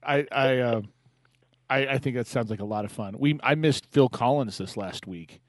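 A man's voice: medium pitch, normal speed, no echo, clean studio sound. A man hosting a call-in radio show, upbeat and laughing easily as he chats with callers. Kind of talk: casual radio chat. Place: Denver.

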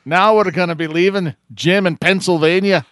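A man's voice: sits high, fairly even intonation, moderate pace, fairly bright tone, dry recording. A man hosting a call-in show, chatting casually, laughing often and tripping over his words.

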